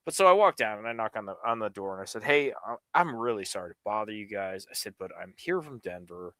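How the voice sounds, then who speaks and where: Lively, bright-voiced storytelling man. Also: on the low side, fast, dry recording. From New York area. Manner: rambling storyteller, profane, animated. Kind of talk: casual livestream chat.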